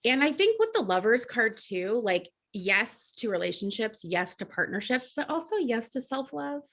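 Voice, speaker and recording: A woman's voice: a little high, very animated, moderate pace, fairly bright tone. A woman co-hosting a podcast, chatting casually about astrology and feelings in a talkative style with many "like"s and restarts. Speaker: podcast co-host.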